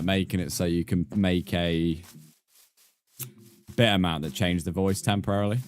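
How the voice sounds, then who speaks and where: Rambling man with a low voice. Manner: rambling and crude-joking, full of "like" and "mate". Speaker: game streamer. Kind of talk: casual live-stream chat while gaming.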